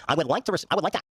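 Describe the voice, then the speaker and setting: A man's voice: fairly high pitch, fairly bright tone, breathy edge, no room sound. A man hosting a podcast, reading posts aloud with mocking sarcasm and plenty of swearing. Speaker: podcast host. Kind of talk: casual podcast banter.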